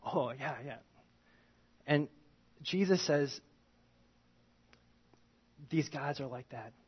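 A man preaching a sermon in a conversational, animated way, swinging from loud emphasis to quiet asides. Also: medium pitch, slow pace, husky, lo-fi sound. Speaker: pastor.

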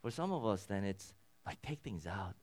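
Man preaching, lively rising and falling pitch, earnest and emphatic, drops to a near hush at times. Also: moderate pace. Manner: earnest, swings between loud emphatic peaks and soft low passages. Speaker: pastor. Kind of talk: sermon.

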